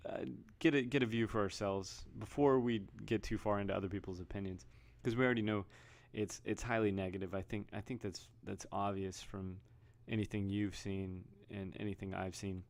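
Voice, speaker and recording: A man talks through his thoughts in a loose, rambling vlog. His voice sits fairly low, with a gravelly fry, and he often restarts his sentences and reads headlines aloud. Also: steady tone, fairly quick, hardly any pauses, darkish tone. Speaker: vlogger. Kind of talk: casual commentary.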